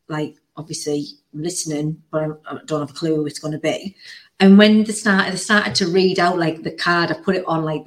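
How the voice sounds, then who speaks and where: A woman hosting a podcast, telling a story in an animated, casual way with plenty of "like" and the odd swear word. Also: fairly low pitch. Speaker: podcast host. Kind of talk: casual chat.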